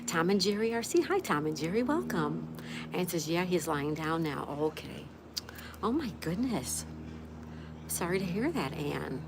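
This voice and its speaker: A woman's voice: lowish voice, measured pace. A woman hosting a casual live stream, chatting and reading viewer comments aloud while greeting each person by name. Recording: steady background noise.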